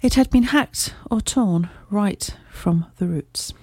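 A woman narrates a classic tale in the first person, her reading measured and clear. Her voice is mellow and dark-toned. The recording is dry and close, with no room around it. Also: mid-range voice, no room sound. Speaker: audiobook narrator.

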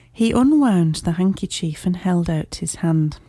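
A woman narrates a classic tale in the first person, her reading measured and clear. Her voice is mellow and dark-toned. The recording is dry and close, with no room around it. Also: lowish voice, lively intonation, no room sound. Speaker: audiobook narrator.

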